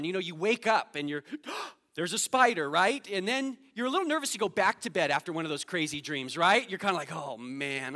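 A man's voice: sits high, long reverb tail. A man preaching a sermon, telling a personal story and acting out the voices in it, laughing at himself as he goes. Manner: animated, acts out quotes in his story, laughs at himself. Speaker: pastor.

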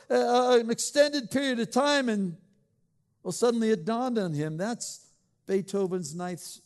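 A man's voice: sits high, long reverb tail. A man preaching a sermon in a conversational, joking way, asking the congregation questions. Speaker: pastor.

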